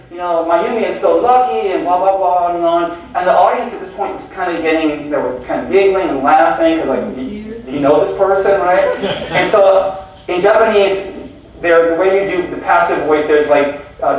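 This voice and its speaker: Animated man speaking in an echoey hall. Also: sits high, far from the mic. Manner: animated, jokey, addresses audience with questions. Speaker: keynote speaker. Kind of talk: conference keynote storytelling. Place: large lecture hall.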